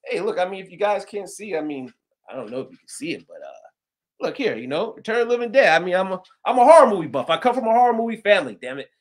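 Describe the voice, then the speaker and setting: A middle-aged man with a Southern American accent hosts a paranormal news show in a casual storytelling chat. His voice sits notably high and he talks fast, rambling through animated stories, laughing often and imitating other people's voices.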